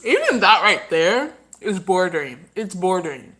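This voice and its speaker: A woman's voice: fairly low pitch, big pitch swings, moderate pace, sharp tone. Opinionated woman chatting on a livestream. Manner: opinionated, rambling, talks while eating. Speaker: livestream host. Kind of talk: casual livestream chat.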